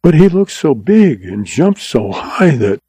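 A proud young ranch woman, deliberate and sugary-sweet with a teasing bite, as a male narrator voices her. Her voice sits high above his own register. The reading is close and dry. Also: big pitch swings, warm tone, breathy edge, no room sound, heavily acted. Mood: humble. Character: young woman ranch heiress, cool and mocking.

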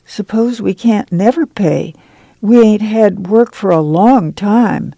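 A meek, whining mother, ashamed and pleading, as a reader puts her on in a storybook reading. The voice rises higher and slower than the narration, with a gravelly, dark and dry sound. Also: dry recording, rough recording. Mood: timid.

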